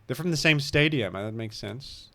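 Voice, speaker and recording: A man's voice: mid-range voice, animated, normal speed, bright, forceful tone. Rambling Australian man mumbling asides. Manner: rambling, self-deprecating, trails off into mumbled asides. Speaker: gaming streamer. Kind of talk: casual rambling game commentary.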